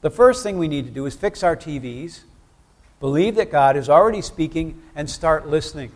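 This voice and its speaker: A man's voice: fairly high pitch, animated, normal speed. A man preaching a sermon in church, talking conversationally and asking the congregation questions.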